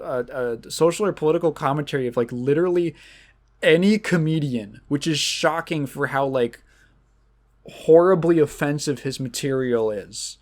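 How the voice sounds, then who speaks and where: Man, podcast host, casual chat, profane, rambling, laughs a lot, mid-pitched voice. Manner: rambling, profane, laughs often, acts out quotes.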